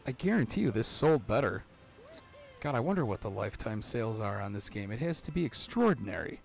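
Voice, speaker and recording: A gaming channel host in his thirties runs a let's-play, excitable and rambling, cursing a lot and letting out sudden yelps. His voice is lowish, creaky and a bit quick, and he sounds out of breath.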